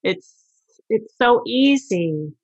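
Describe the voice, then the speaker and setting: Host lady, slow easy talker, kinda dull muffled sound. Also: fairly high pitch, animated, husky, no room sound. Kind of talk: casual chat.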